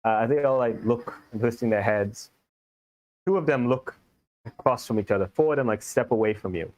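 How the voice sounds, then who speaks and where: Indian game master telling a story. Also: male voice, mid-range voice, normal speed, darkish tone, highs cut off. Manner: loose, filler-heavy storytelling. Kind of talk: narrating a tabletop game.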